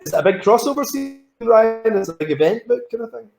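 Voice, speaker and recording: Scottish man, quick excited chat, video call, roomy echo. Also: very high-pitched, vocal fry. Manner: excitable, fast, animated storytelling. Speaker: guest comic writer. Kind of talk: casual interview chat.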